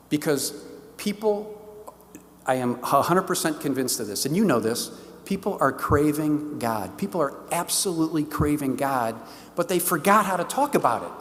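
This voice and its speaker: A middle-aged man with a St. gives an enthusiastic, story-filled talk to a parish and acts out the conversations he tells. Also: fairly high pitch. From St. Louis, Missouri. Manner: animated, enthusiastic storyteller who acts out the dialogue. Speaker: diocesan stewardship director giving a parish talk. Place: church. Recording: long reverb of a church hall.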